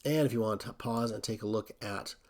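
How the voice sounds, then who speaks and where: A man hosting a coding tutorial, thinking aloud in a relaxed way as he walks through a screen recording. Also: fairly low pitch, brisk.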